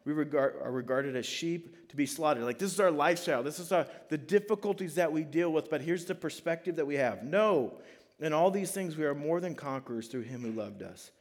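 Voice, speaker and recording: A man's voice: fairly high pitch, fairly quick. A middle-aged man preaching in a casual, conversational way, reading scripture and telling family stories. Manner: conversational, animated storytelling with frequent "like". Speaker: pastor. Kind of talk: sermon.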